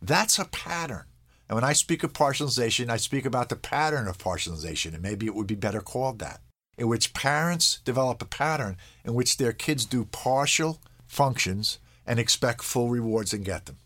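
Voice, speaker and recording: A man's voice: mid-range voice, expressive, moderate pace, fairly bright tone. A man speaking as a parenting expert in an interview, conversational, checking in with his listener and briefly acting out lines of kids and parents. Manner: checks in with "all right?". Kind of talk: explaining in an interview.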